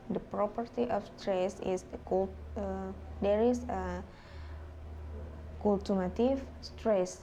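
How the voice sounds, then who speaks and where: Slow, halting woman. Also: medium pitch, dark tone, a little hiss or hum. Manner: halting, with fillers and self-corrections. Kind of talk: classroom presentation on phonology.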